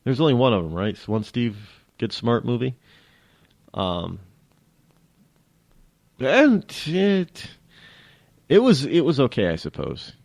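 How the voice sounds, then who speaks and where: A man's voice: medium pitch, creaky, darkish tone, dry recording. A man from New hosting a radio show, talking in a rambling, joking way that keeps interrupting itself. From New England. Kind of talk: casual talk radio monologue.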